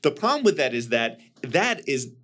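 A man in a casual podcast conversation, talking in an animated way and swearing when he gets emphatic. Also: medium pitch, normal speed.

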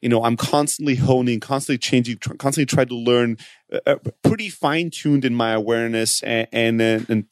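A man talking casually as a podcast co-host, stumbling over his words and restarting, then rising into lively bursts. His voice sits at a middle pitch and sounds close and dry, with no room around it. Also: no room sound. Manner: halting, many restarts, bursts of animated retelling. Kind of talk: casual conversation.

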